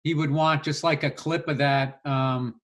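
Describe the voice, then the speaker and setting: Middle-aged man, comedian, casual podcast chat, high voice, bright tone, rambling and self-deprecating. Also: fairly even intonation, measured pace. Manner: rambling, self-deprecating, full of restarts and fillers.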